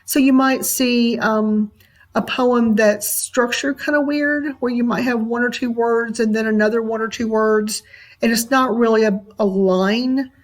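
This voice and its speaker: Slow-talking woman teacher, many ums. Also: a little high. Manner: relaxed and unhurried, many ums and uhs. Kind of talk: recorded classroom lesson.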